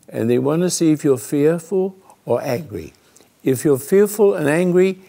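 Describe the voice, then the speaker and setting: Slow, gravelly male radio host. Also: on the high side. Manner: dramatic storyteller, drops from loud to hushed; halting, restarts mid-phrase. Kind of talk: call-in radio talk, telling a personal story.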